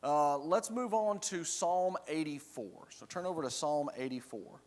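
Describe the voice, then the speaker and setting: Male Bible study teacher, a little high-pitched, conversational, explains verse by verse, church room with long reverb. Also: expressive, a little slow. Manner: explains verse by verse, checks in with the class with "right?". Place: church classroom.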